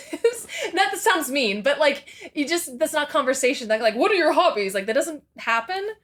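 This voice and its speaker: Woman, fairly high voice, podcast guest, casual interview chat, rambling, candid, swears freely, laughs often. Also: big pitch swings, moderate pace. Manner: laughs often between thoughts.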